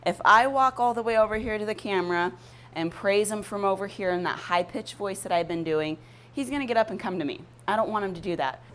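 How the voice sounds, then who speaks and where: Calm and plain in her explanations, a woman dog trainer moves briskly through an instructional vlog, breaking into high, gushing tones to praise her dog.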